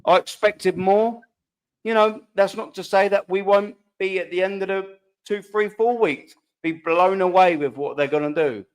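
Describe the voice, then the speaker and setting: A man hosting a football fan panel, animated and frustrated, with lots of conversational asides. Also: sits high, moderate pace, clear, resonant tone. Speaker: host.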